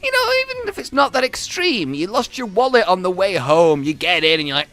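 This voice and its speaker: A man hosting a gaming video with animated, exasperated commentary that jumps between shouts and low asides. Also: normal speed, hardly any pauses.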